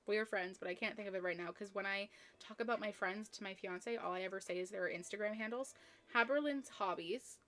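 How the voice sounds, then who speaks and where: A woman's voice: medium pitch, brisk, fairly bright tone. A young woman chatting casually on a crochet live stream, rambling with lots of ums and restarts.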